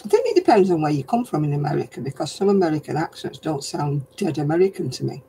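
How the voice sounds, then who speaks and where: Her low-pitched, mellow, husky voice swings widely in pitch and moves fast. This Lancashire woman with a broad accent chats homely while crocheting on a craft livestream, answering viewer comments, and the recording is low quality.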